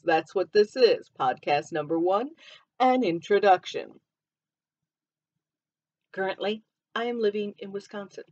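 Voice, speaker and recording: A woman's voice: lowish voice, gravelly, darkish tone, muffled recording. A woman from Michigan with a mixed Southern and Midwestern accent, hosting a casual solo podcast and chatting freely, often drifting onto tangents. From Michigan, USA. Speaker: podcast host.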